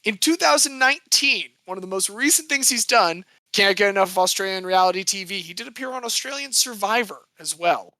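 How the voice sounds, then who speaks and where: A chatty podcast co-host tells a sports story with playful asides and real enthusiasm. His voice is bright and forward, and it sits close and dry on the mic with no room around it. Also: high-pitched, animated, fairly quick, few pauses, no room sound. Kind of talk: casual sports chat.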